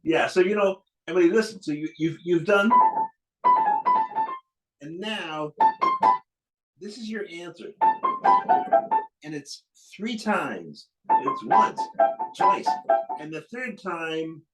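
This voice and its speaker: A man's voice: on the high side, takes it slowly, long pauses, rough recording. A man teaching piano to a young student, encouraging and demonstrating phrases as he goes. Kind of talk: piano masterclass coaching. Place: room with a piano being played. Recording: loud piano over the voice.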